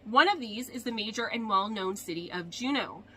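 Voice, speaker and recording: A woman's voice: medium pitch, animated, moderate pace, bright, forceful tone, slight background noise. A woman with a cold talking casually to her viewers, her voice congested and nasal, chatty and self-deprecating. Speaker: paranormal YouTuber. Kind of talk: casual chat to camera.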